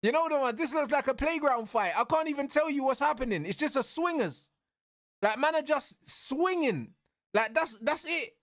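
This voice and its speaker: High-voiced young man, excitable. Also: moderate pace, no room sound, clean studio sound. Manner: excitable, slangy, yelling at the referee. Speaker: streamer. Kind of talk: live fight watch-along commentary.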